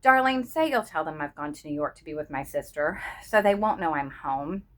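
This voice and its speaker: A woman voicing a young pregnant wife who speaks softly and coaxingly, cool on top with fear underneath. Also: low voice, animated, normal speed. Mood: eager. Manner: soft, coaxing, cool yet fearful.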